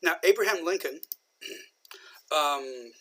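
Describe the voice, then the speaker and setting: Guy teaching english, slow and patient, lots of ums and pauses. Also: fairly high pitch, bright, forceful tone. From southern Indiana, USA. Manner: slow, patient explaining with many pauses and fillers. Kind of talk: recorded online lecture.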